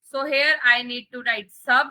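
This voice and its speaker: A woman's voice: sits high, fairly even intonation, measured pace, pushed and bright, poor audio. A woman with an Indian English accent teaching a live coding lesson, repeating key points and checking that students understand. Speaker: coding instructor.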